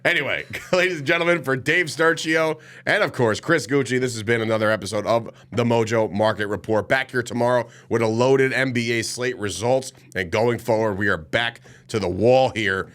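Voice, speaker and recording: A man's voice: medium pitch, moderate pace, hardly any pauses, fairly bright tone. Male sports show host, stuffy nasal voice, rambling casual delivery, corrects himself a lot. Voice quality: nasal today, sniffly. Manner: loose, rambling, self-correcting.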